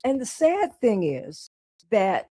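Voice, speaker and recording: A woman's voice: fairly high pitch, huge pitch swings, slow pace, dark tone, breathy edge. A woman in her eighties, a happiness coach guesting on a talk show, speaking in an encouraging, coaching way. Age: 80s. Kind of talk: casual chat.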